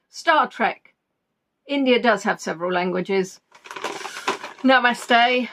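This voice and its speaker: A woman's voice: on the high side, slow pace, long pauses, fairly bright tone, slight background noise. A woman hosting a live-stream quiz in a chatty, giggly way, reading out viewers' answers and teasing them. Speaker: quiz host.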